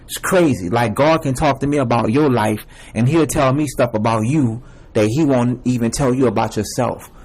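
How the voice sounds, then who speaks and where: A man's voice: medium pitch, normal speed, a little mellow, husky, rough recording. A young man giving a repetitive, emphatic personal testimony, addressing viewers as y'all and man. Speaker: self-made video preacher.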